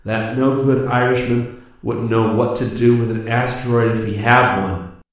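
A man's voice: on the low side, fairly even intonation, normal speed, dry recording, studio quality, lightly acted. A man voicing a wounded young space officer who speaks in tired, clipped commands. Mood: shouting.

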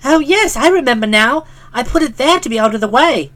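A woman's voice: sits high, lively intonation, brisk, fairly bright tone, voice pushed up. A woman voicing an eager, meddlesome small boy scout in an audiobook reading, earnest and persistent. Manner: earnest, persistent, cheerfully pushy. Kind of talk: audiobook character voice.

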